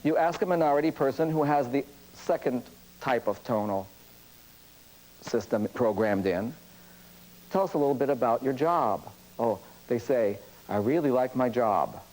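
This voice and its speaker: A man lecturing as a priest, with a lively pitch that rises and falls widely. He tells anecdotes in a storyteller's way and acts out the people in them. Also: normal speed, low-quality recording. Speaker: priest and speaker on cross-cultural communication.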